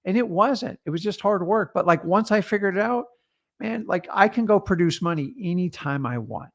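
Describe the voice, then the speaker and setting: Emphatic male coach with a slightly high voice, casual motivational talk. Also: expressive, normal speed, fairly bright tone. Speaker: wholesaling coach.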